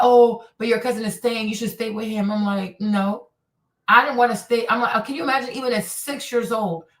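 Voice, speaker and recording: A woman hosting her own stream, telling stories and ranting bluntly in casual, profane, animated commentary. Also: mid-range voice, far from the mic. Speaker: streamer host. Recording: echoey room, voice a bit off-mic.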